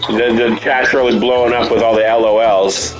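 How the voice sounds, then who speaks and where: A man's voice: mid-range voice, level tone, normal speed, over music, poor audio. A man hosting a game stream, chatting casually and joking at his own expense. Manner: jokey, self-mocking. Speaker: stream host. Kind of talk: casual chat while playing a party game.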